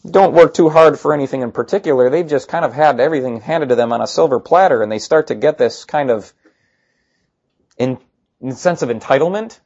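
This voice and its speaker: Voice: medium pitch, darkish tone, dull audio. A pastor preaching a conversational sermon with sarcastic asides.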